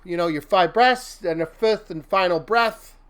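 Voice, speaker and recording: A man's voice: high voice, a little slow, a bit bright, smooth. A man hosting a casual motivational livestream, rambling and laughing often, breaking into silly mock-venting with made-up curses. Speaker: host.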